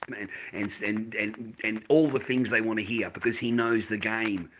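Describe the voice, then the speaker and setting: A man's voice: medium pitch, moderate pace, noisy background. Profane ranting Australian man. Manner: blunt, heavily profane, slangy, lecturing. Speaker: livestream host. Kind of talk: ranting monologue to viewers.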